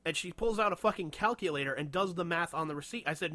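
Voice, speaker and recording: A young man co-hosting a casual podcast, telling a heated story full of swearing and quick laughs. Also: a little high, dry recording. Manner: profane, animated storytelling, frequent laughter. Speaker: podcast co-host.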